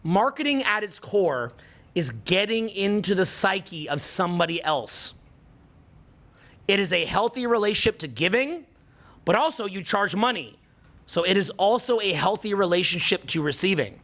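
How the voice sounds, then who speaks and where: Man, Canadian accent, fairly high voice, middle-aged, preachy seminar coach, repeats for emphasis. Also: very animated, normal speed, fairly bright tone. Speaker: social skills coach. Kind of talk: motivational seminar talk.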